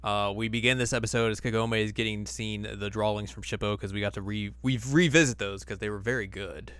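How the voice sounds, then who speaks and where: A man's voice: on the low side, steady tone, fairly quick, a bit bright, clear, resonant tone, dry recording. Male podcast host, easygoing and jokey, dry close recording. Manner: loose, joking, acts out characters in silly voices. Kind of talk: casual chat recapping an anime episode.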